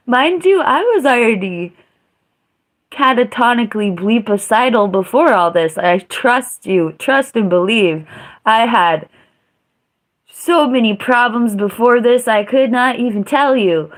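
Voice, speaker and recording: Female streamer, unhurried, blunt and profane storyteller. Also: fairly high pitch, lively intonation, a bit bright. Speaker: live streamer. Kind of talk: casual storytelling.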